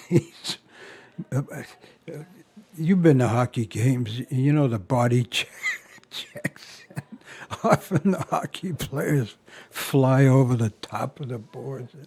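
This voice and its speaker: Slow, chuckling older man telling stories. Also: medium pitch, a little mellow, husky. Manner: rambling, chuckling often, halting restarts. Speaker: family member sharing memories. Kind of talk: casual storytelling.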